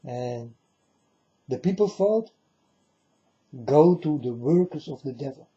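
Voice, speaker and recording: Man, high-pitched and very dark-toned, slow preachy rant, dull lo-fi sound. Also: expressive. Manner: emphatic, repetitive rhetorical questions to the viewer. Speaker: religious video preacher. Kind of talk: preachy monologue to camera. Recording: dull lo-fi recording.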